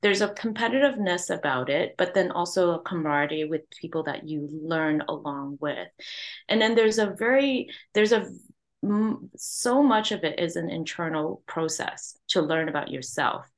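Woman guest, lower voice, thinking out loud w lots of ums. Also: animated, normal speed. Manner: thoughtful, with frequent fillers. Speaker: podcast guest. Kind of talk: casual reflective chat.

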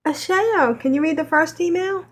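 A woman's voice: very high voice, moderate pace, loud music behind the voice. A woman co-hosting a casual gaming podcast, playful and given to humming jingles. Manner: playful, hums a sing-song jingle. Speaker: podcast co-host.

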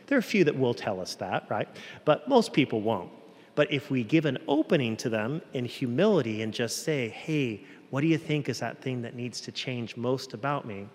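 A man's voice: medium pitch, big-room sound. A man, a Catholic priest, giving a conversational homily at Mass and acting out quoted voices with changes of tone. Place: church.

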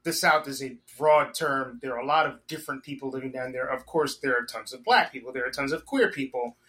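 A man hosting a podcast, chatting casually and cracking quick jokes between his points. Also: medium pitch, bright, forceful tone. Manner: joking, laughs easily, cuts in with quips. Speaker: podcast host. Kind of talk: casual conversation.

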